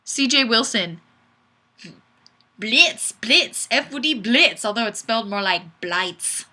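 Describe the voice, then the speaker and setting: A woman's voice: a little high, slow pace, sharp tone. A woman hosting a webcam chat, reading viewer comments aloud in a playful, giggly, sing-song way into a webcam microphone.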